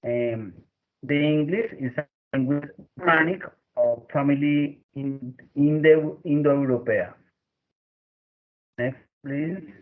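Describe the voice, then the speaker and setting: Slow young man on a tinny call. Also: a little high. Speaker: student presenter. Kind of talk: class presentation. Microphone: computer mic on a video call.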